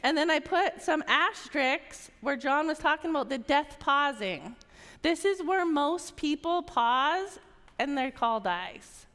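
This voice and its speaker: A woman with a high voice coaches a packed conference crowd on a stage mic, stopping often to check everyone is with her. Her words ring out with a long hall reverb. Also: animated, a little slow, a bit bright. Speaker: sales trainer.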